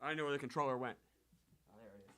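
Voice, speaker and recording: A man streaming a basketball video game, chatting and bursting into loud yelled celebrations, sometimes out of breath. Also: medium pitch, racing. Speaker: gaming streamer. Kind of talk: excitable gameplay commentary.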